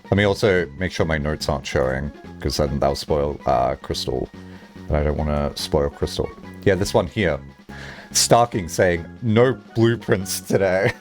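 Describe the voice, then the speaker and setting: A man livestreaming, chatting casually with his viewers in a lively, rambling way, swearing freely and filling his talk with "like". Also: rumbling low, normal speed, soft background music. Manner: animated, chatty, swears casually, many "like" fillers. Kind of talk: casual livestream chat, answering chat.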